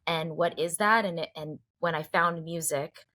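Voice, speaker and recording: A woman's voice: fairly low pitch, normal speed, bright, forceful tone. Earnest reflective woman in her forties. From Cambridge, Boston area. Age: 40s. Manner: earnest, reflective, many fillers and restarts. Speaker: guest singer-songwriter. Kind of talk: heartfelt conversational interview.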